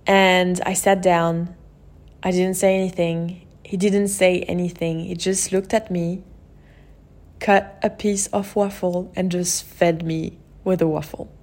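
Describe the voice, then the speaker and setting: A woman's voice: lowish voice, level tone, slow pace, a little mellow. A woman hosting a podcast, telling a personal story in an open, emotional way and often saying "like" and "you know". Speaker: podcast host.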